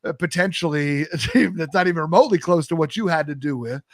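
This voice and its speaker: A man from New York with a New York accent hosting a casual conversational interview, animated and quick to laugh. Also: a little high. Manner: animated, laughs easily, does playful impressions. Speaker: podcast host.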